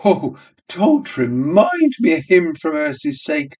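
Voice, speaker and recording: A man putting on a shrill, fussy young barmaid. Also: huge pitch swings, slow pace, a little mellow, far from the mic, heavily acted. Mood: squealing. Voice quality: raised girlish voice, shrill. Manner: fussy, squealing protests. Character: young Dublin barmaid, prim, giggly, tea-drinking.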